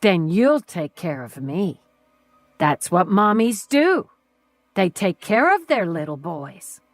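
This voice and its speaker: A woman's voice: fairly low pitch, sing-song, takes it slowly, dry recording, faint music behind. A woman voicing a white-haired male kidnapper who speaks with a twangy American Southern accent and a child's cadence. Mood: childishly eager. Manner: childish, wheedling, turning menacing.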